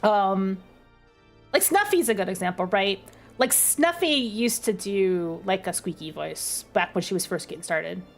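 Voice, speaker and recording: A young adult woman with a low, dark speaking voice, chatting casually on a stream with lots of fillers and self-deprecating asides. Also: lively intonation, measured pace, soft background music.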